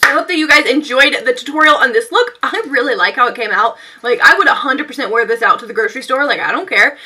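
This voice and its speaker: A woman's voice: high-pitched, animated, fast, pushed and bright. A young woman chatting through a makeup tutorial, rambling and self-mocking as she talks to her viewers. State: sweaty and out of breath. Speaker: beauty vlogger.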